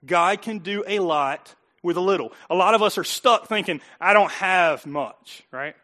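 High, bright-voiced preaching man. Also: moderate pace. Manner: animated, joking, acts out voices. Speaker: pastor. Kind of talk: sermon.

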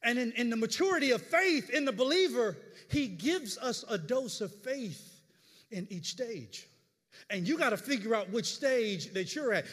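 A middle-aged man, a pastor, preaching a sermon with animated storytelling and stammered repeats. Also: very high-pitched, normal speed. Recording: long hall reverb.

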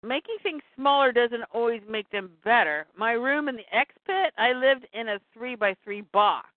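A man's voice: very high voice, normal speed, no room sound, narrow, tinny audio. A woman voicing a bickering, flustered male superhero husband, defensive and exasperated.

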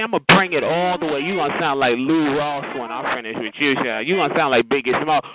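Speaking a little fast with hardly any pauses, a man with a fairly high voice hurls sassy, taunting trash talk over a phone chat line. He repeats "bitch" and "honey" again and again, and the tinny line carries a loud hiss.

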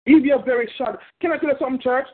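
A man's voice: very high-pitched, very fast. A man preaching a sermon with fervent, repetitive delivery. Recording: tinny phone-like sound.

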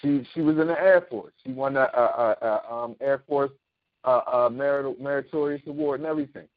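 A man's voice: medium pitch, fairly quick, dry recording. A man hosting a casual talk show, explaining his views emphatically and often asking "you know what I mean?". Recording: thin phone-like sound.

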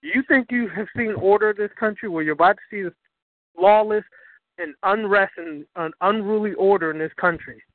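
A man's voice: high voice, a little fast, no room sound. A man giving an impassioned, profane lecture on spirituality, preaching and hammering his points home. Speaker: spiritual teacher. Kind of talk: impassioned lecture on a call-in broadcast. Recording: dry tinny phone line.

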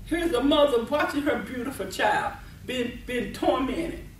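Slow, echoey woman preacher. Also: fairly high pitch, expressive, a little hiss or hum. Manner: emphatic, laughs often, repeats and restarts words. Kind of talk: sermon at a deliverance meeting. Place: meeting venue. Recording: echoey room, voice from far off.

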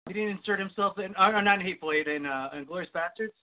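A man's voice: sits high, fast talker. A man co-hosting a podcast, chatting about films, swearing freely and laughing often. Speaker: podcast co-host. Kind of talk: casual film chat. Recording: tinny phone-like sound.

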